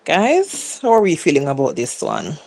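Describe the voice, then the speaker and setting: A woman's voice: sits low, wildly swooping pitch, moderate pace, vocal fry, a little mellow. A woman with a Caribbean English accent hosting a live reaction show, chatting casually and asking viewers questions. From Caribbean island.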